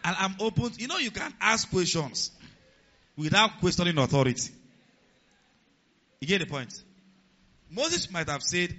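A lively male preacher with a bright, tense voice speaks at normal speed and pauses often during his sermon. He poses rhetorical questions to the congregation and acts out quoted speech in a lower voice, captured on a dull lo-fi recording.

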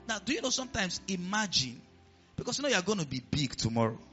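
A man with a Nigerian accent preaching a sermon as pastor, animated and often asking the congregation questions. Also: sits high, fast talker, dull audio, faint music behind.

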